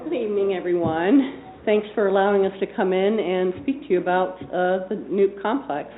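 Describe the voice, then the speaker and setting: A woman's voice: medium pitch, moderate pace. Woman at council comment, kinda emotional, sounds thin like a phone line. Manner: emotional, earnest. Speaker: resident speaking at public comment. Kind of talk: public comment at a council meeting. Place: city council chambers. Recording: tinny phone-like meeting feed.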